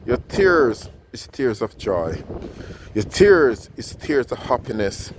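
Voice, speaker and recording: A man voicing a kind male surgeon who gently and earnestly reassures a poor woman. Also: medium pitch, sing-song, slow, a little hiss or hum. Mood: reassuring.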